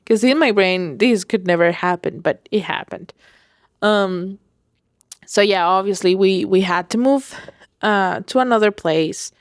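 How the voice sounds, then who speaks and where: Slow-talking woman telling a personal story. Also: on the high side, animated, dry recording, clean studio sound. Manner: rambling, full of fillers and self-corrections. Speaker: podcast host. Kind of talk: personal diary-style storytelling.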